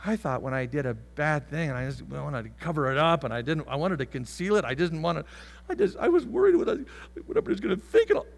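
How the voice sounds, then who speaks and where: A man preaching a sermon as pastor, swinging from loud shouts to soft whispers and acting out voices. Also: on the high side, very animated, fast talker, gravelly, few pauses.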